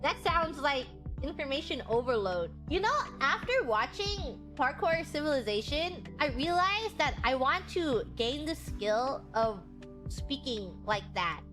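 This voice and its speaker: A woman's voice: high-pitched, big pitch swings, unhurried, music in the background. A woman streamer chatting casually, rambling and giggling often. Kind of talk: casual chat.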